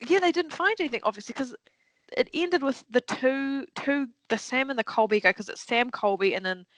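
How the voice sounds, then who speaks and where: A woman co-hosting a casual podcast chat, telling stories with animated flair, acting out what people said, and swearing freely. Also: high voice, a little fast, poor audio. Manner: animated storytelling, acts out quotes, swears freely. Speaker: podcast co-host.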